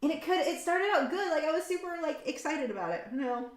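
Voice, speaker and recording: A woman's voice: sits high, animated, a little fast. Chatty woman in a roomy space. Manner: chatty and candid, rambling with frequent ums and likes; frank and opinionated. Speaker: artist hosting a painting livestream. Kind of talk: casual chat while painting. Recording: roomy echo.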